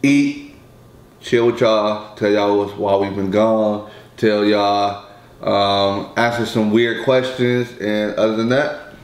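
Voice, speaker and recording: A man's voice: lowish voice, fairly even intonation, takes it slowly, roomy sound, poor audio. A man co-hosting a casual eating vlog, talking in a laid-back, rambling way and teasing his partner. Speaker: vlogger co-host. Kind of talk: casual mukbang vlog chat.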